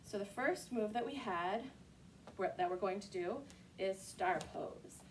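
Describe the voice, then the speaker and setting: A woman hosting a children's story time, reading a picture book aloud and leading kids through yoga poses with expressive storytelling. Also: medium pitch, unhurried, distant mic, slight background noise.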